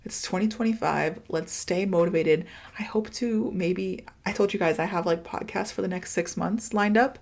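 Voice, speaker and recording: A woman's voice: fairly low pitch, moderate pace, creaky, hardly any pauses, a little mellow. A woman in her thirties from the United States, hosting a podcast and speaking candidly in a confiding, casual way, with lots of "like" and "you know". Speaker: podcast host and English teacher.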